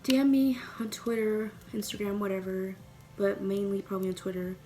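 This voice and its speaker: A woman's voice: mid-range voice, level tone, normal speed, warm tone, soft background music. A young woman vlogging at home, chatting casually and rambling with lots of cursing while doing her makeup. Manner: chatty, profane, rambling and playful.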